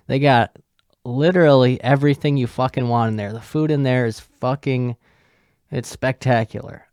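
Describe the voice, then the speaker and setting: A man's voice: medium pitch, a little mellow, clear, resonant tone, dry recording, studio quality. A man hosting a podcast, rambling and joking in casual, heavily profane chat. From United States. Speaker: podcast host.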